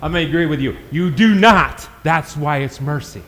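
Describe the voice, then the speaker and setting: A man preaching a sermon in a church, swinging from shouted climaxes to hushed, quick asides. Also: a little high, big-room sound. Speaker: pastor.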